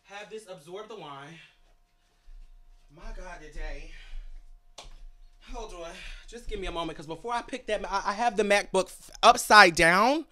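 A young man chatting on a livestream in a dramatic, animated way, talking straight to his viewers. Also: high-pitched, normal speed, pauses often, a little hiss or hum. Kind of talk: casual livestream chat.

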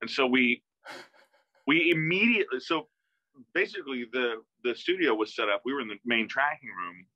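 A man tells a story as a casual interview guest, his tone very bright and forceful. He acts out other people's lines as he goes and often restarts his sentences. The video-call audio is dry and dull. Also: medium pitch, normal speed, dry recording. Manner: animated, acts out quoted dialogue, many restarts.

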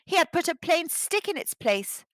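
A woman reading a children's picture book aloud, with expressive storytelling. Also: very high-pitched, moderate pace, no echo. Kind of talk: children's read-aloud narration.

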